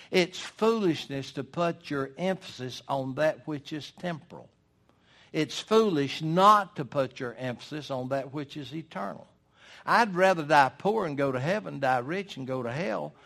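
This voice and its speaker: An older man preaching a sermon in a folksy, emphatic way, with dramatic pauses. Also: on the high side, creaky, fairly bright tone.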